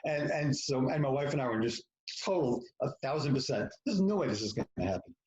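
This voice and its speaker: A man's voice: medium pitch, lively intonation, fairly quick, darkish tone, reverberant, muffled recording. A man talking as a podcast guest, telling a personal story frankly and with profanity, acting out what people said and poking fun at himself. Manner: frank, profane, self-mocking, acts out quoted lines. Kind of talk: candid storytelling in conversation.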